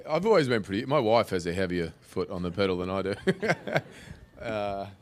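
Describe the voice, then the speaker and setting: A man's voice: sits low, animated, moderate pace, a little hiss or hum. A man, an actor on a panel, answering questions in a rambling way with many restarts.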